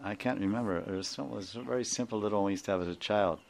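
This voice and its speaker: A man's voice: on the low side, racing, vocal fry, a little hiss or hum. A man with an Indian accent, a spiritual teacher giving an informal class, rambling, chuckling and often asking his listeners to confirm.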